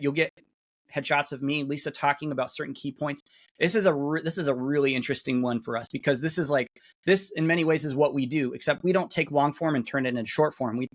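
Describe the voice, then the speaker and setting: A man's voice: a little high, a bit bright. Chatty man demoing tools on a call. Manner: chatty, self-interrupting, many fillers. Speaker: webinar guest speaker. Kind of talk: casual screen-share demo.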